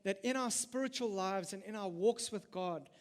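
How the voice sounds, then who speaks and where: A middle-aged man delivers a sermon in a high, bright voice that rings through a church hall with a long reverb. He presses his points hard, tripping over his words and restarting them as he goes. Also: normal speed. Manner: emphatic, frequent stammered restarts. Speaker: pastor.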